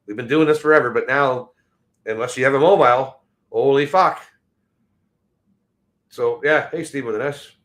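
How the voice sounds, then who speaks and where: A man's voice: mid-range voice, normal speed, long pauses, fairly bright tone. A middle-aged man who mumbles and slurs his words, hosting a livestream and ranting at his chat with constant swearing. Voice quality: mumbling, slurred diction. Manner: crude, swearing, combative toward chat. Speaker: livestream host. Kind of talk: profane casual rant.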